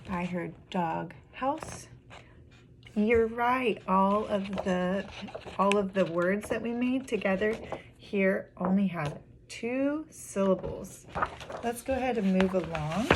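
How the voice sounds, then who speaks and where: A young woman teaching a phonics lesson to small children, drawing out each word syllable by syllable in a sing-song way. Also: mid-range voice. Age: young adult. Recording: clear background noise.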